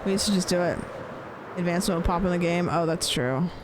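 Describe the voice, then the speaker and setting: Casual streamer voice, rambling gamer chat, mid pitch, background hiss. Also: quick pace. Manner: chatty, rambling, swears casually; playful repeating of phrases with shifting stress. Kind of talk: casual live-stream chat while gaming.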